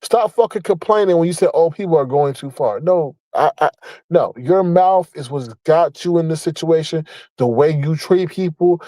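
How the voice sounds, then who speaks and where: A man with a high-pitched voice delivers a blunt, profane rant, scolding and mocking as he hammers his points home by repeating them. The sound is dry and close, with no room around it. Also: moderate pace, warm tone, no echo, poor audio. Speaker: online commentator. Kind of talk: ranting commentary.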